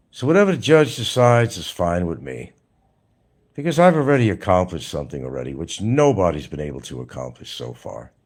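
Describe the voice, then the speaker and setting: A man hosting a live stream, talking casually in a blunt, mocking way to his viewers. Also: low voice. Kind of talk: casual livestream monologue.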